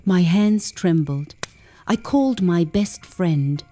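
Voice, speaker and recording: A woman narrating a first-person story for English learners in a slow, measured way, dropping to whispers at the tense moments. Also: lowish voice, lively intonation, dark tone.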